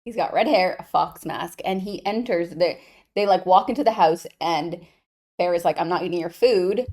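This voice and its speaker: A woman's voice: on the low side, moderate pace. A woman co-hosting a podcast, chatting casually about a book and chiming in with jokes. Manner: relaxed and joking, chimes in with quips. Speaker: podcast co-host. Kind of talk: casual book recap chat.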